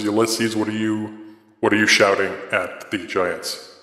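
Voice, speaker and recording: A man's voice: fairly low pitch, fairly even intonation, measured pace, bright, forceful tone, reverberant, big-room sound. A man running a tabletop game as game master, narrating unhurriedly with many fillers.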